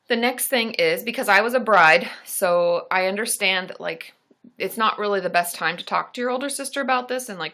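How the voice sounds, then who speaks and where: A woman therapist hosting a live advice stream with a bright, forward tone. She talks in a loose, chatty way, full of "like" and "um". She stays supportive and joking. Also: mid-range voice. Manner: chatty, supportive, casual filler-heavy talk; laughs and jokes with her partner. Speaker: licensed therapist and channel host.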